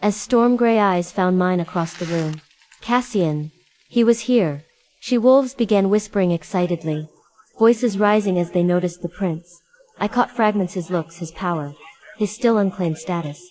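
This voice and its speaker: Woman, story narration, low voice, mellow tone, steady. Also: a little slow, low-quality recording. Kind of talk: first-person story narration.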